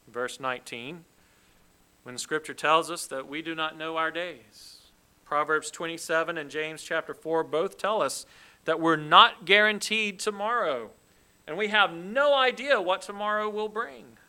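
A man preaching a sermon, explaining a scripture passage in a deliberate, emphatic way. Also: on the high side, pushed and bright, clean tone, poor audio. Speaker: pastor.

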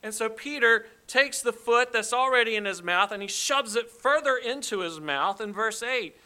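A man's voice: high-pitched, normal speed, hardly any pauses, bright, forceful tone. A man preaching an expository sermon, emphatic and dramatic, acting out the quoted lines with rising force. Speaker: pastor.

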